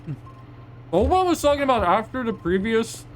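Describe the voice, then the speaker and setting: A man's voice: very high voice, very animated, normal speed, a little hiss or hum. A young man streaming live, chatting casually and rambling in reply to his chat, often restarting his sentences.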